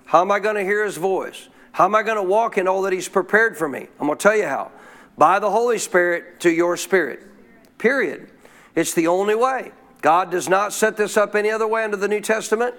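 A man's voice: high-pitched, a little fast, fairly bright tone. A man preaching a sermon as pastor, asking questions and leaving blanks for the congregation to fill, repeating key lines with emphasis. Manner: call-and-response, leaves blanks for the crowd to fill. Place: church service.

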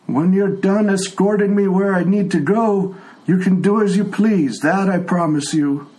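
A man's voice: high voice, measured pace, warm tone, pitched above the performer's own voice, poor audio. A man voicing an old blind male tiefling who speaks politely in a raised, slightly quavering voice. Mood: courteous.

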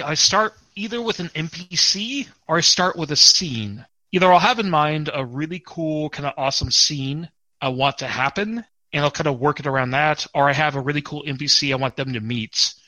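A man hosting a podcast in casual, chatty conversation, self-deprecating and relaxed, on a close mic. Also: a little high, moderate pace, dry recording, rough recording. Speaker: podcast host.

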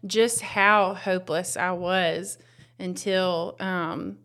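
A woman's voice: on the low side, steady tone, takes it slowly, a bit bright. A woman, the host's wife and a new mother, sharing her faith story in a tender, reflective way full of fillers. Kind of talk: casual personal testimony.

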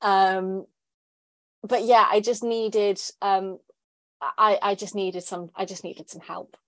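A woman's voice: mid-range voice, level tone, slow, no echo. A woman in her thirties, a writer talking as a podcast guest in a candid, chatty way with many fillers. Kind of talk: casual interview chat.

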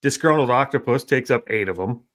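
A man's voice: mid-range voice, animated, a little fast, fairly bright tone. A man from South Dakota co-hosting a podcast in casual chat, tossing out dry wisecracks. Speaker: podcast co-host.

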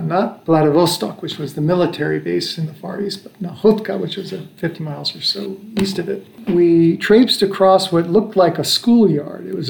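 A man's voice: on the high side, gravelly. An American man in his sixties casually telling a long travel story, rambling along with restarts and chuckles. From United States. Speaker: father telling travel stories. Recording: echoey room.

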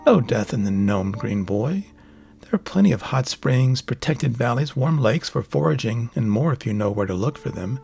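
A man's voice: mid-range voice, animated, normal speed, creaky, a little mellow, faint music behind. A man reading an audiobook voices a sly old hermit who talks down to a younger man in a taunting, condescending way.

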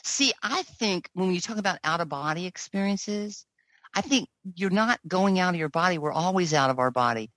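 A woman's voice: lowish voice, animated, moderate pace, fairly bright tone, no echo, rough recording. A woman guest in an interview, speaking earnestly and enthusiastically about spiritual experience. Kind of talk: casual interview chat.

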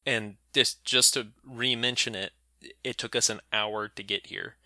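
Man, podcast co-host, jokey banter, bright edgy voice, dry sound. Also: on the low side, unhurried, no echo. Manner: jokey asides, relaxed banter. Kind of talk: casual science podcast chat.

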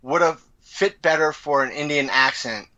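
Bright-voiced man chatting on a podcast. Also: fairly high pitch, moderate pace, dull audio. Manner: animated, acts out quoted lines. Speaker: podcast co-host. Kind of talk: casual chat.

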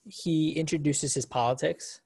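A man's voice: on the high side, a little slow, husky. Laid-back man on a podcast. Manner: relaxed, with stammered restarts. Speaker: podcast co-host. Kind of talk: casual review chat.

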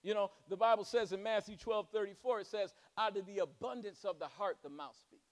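A man's voice: high voice, brisk. A man. He swings from fervent exhortation to playful, joking asides. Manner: preaching with rising fervor and humorous asides. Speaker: pastor. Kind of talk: sermon.

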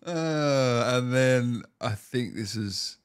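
A man's voice: medium pitch, very slow, smooth. A man hosting an interview, chuckling and reacting with encouragement. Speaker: interview host. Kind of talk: casual interview chat.

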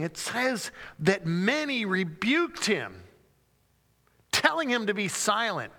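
A man's voice: sits high, wildly swooping pitch, slow pace, bright, forceful tone. A man preaching a sermon, telling the story dramatically and acting out the cries and crowd lines. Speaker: pastor. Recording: long hall reverb.

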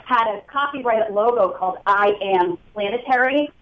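A woman's voice: medium pitch, moderate pace, lo-fi sound. A woman talk-show host with a New Jersey accent asks questions in a chatty, enthusiastic way. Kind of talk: casual interview chat.

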